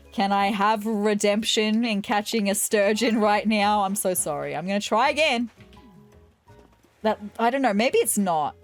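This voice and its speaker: A woman's voice: medium pitch, unhurried, faint music behind. A woman gaming YouTuber chatting casually and digressively over her gameplay, laughing easily.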